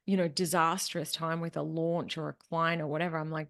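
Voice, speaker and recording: A woman's voice: deep voice, level tone, a little fast, a bit bright. A woman speaking coach as a podcast guest, talking animatedly and acting out quotes in mock voices. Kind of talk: casual interview chat.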